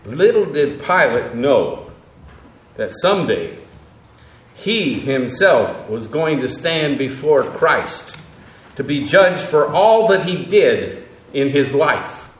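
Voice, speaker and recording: A man teaching an evening Bible lesson, halting, with frequent fillers and self-corrections. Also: medium pitch, big pitch swings. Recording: echoey room.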